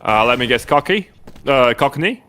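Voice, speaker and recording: A man's voice: medium pitch, expressive, moderate pace, pushed and bright. A man from Poland hosting a game stream, playful and bantering in casual chat.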